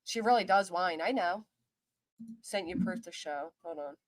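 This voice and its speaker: A woman's voice: lowish voice, moderate pace, no room sound. A woman hosting a casual livestream, talking in an indignant, ranting way. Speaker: livestream host.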